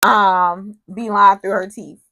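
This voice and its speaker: Woman doing a chatty soap recap, kinda gravelly voice, dry close sound. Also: medium pitch, fairly even intonation, slow pace, pushed and bright, no echo. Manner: chatty, retells scenes with quoted lines and asides. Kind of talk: casual recap chat.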